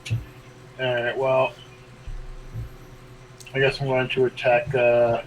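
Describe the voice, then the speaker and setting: A man's voice: medium pitch, completely flat delivery, takes it slowly, rough recording. Man, tabletop player, hesitant, casual, slight background hiss. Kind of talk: playing a tabletop game.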